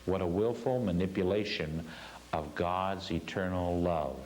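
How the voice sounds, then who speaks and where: A man's voice: deep voice, fairly even intonation, a little slow, a little mellow, slight background noise, low-quality recording. A man teaching a spiritual class, telling a story earnestly and stressing his points with repeated phrases.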